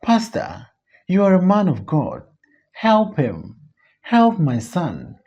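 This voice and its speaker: A reader voicing an older village mother, plain-spoken and earnest, in a slow audiobook play reading. The voice is husky and the recording dull. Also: mid-range voice, sing-song, warm tone, exaggerated voice. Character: older village woman, a worried, stern mother.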